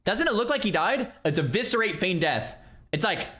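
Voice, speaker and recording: A man's voice: high voice, very animated, moderate pace, bright, forceful tone. A man hosting a stream, chatting to viewers in casual reaction commentary, often repeating himself. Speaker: streamer host.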